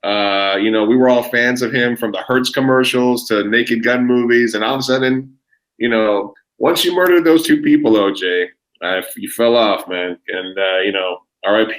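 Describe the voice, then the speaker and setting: A man's voice: medium pitch, moderate pace, a bit bright, low-quality recording. A man, telling a rambling, profane story as a podcast guest. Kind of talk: casual chat.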